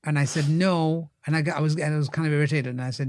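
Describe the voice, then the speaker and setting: Man, actor guest, animated storyteller, slightly high voice, dry close mic. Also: fast talker, few pauses, no echo. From India. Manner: animated, acts out quoted voices. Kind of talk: casual interview storytelling.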